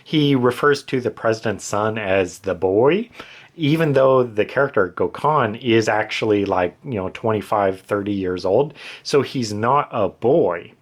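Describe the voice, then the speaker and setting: A man with a somewhat low voice talks casually over his own screen, walking through edits one by one. He rambles, restarts sentences and leans on fillers as he thinks aloud. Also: expressive, a little slow. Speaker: author explaining his edits. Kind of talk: casual explanation to camera.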